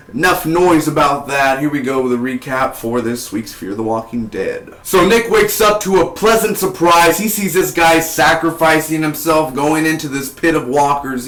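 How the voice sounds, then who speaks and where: A man's voice: fairly high pitch, fairly bright tone, roomy sound. A young man casually reviewing a TV episode, chatty and rambling with side comments. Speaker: TV show reviewer.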